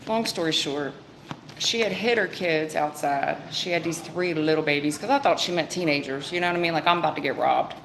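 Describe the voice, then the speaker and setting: A woman's voice: low voice, a little fast, gravelly, fairly bright tone, slight background noise, rough recording. A woman giving a live-stream tarot reading, talking in a rambling, conversational way with fillers and restarts. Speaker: tarot reader.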